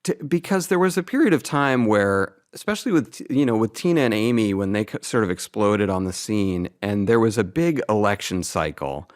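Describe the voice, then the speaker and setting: A man's voice: lowish voice, expressive, normal speed, hardly any pauses. A man hosting a podcast, asking rambling questions with fillers and laughter. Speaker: podcast host. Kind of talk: casual interview.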